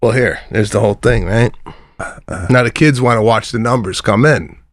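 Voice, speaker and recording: A man's voice: mid-range voice, moderate pace, no echo, studio quality. A man co-hosting a comedy podcast, telling stories with acted-out dialogue. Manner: animated storyteller, acts out dialogue. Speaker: podcast co-host. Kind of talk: casual comedic storytelling.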